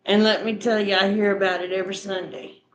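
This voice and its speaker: A woman's voice: mid-range voice, little pitch movement, a little fast, a little hiss or hum, poor audio. A middle-aged woman chatting casually with her viewers and walking them through a recipe in a homespun, repetitive way. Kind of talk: casual chat, recipe instructions.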